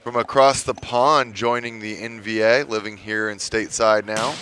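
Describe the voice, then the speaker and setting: A man's voice: lowish voice, fairly even intonation, moderate pace. A man giving chatty, informative color commentary at a live volleyball match. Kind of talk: live sports analysis. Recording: commentary over loud gym noise.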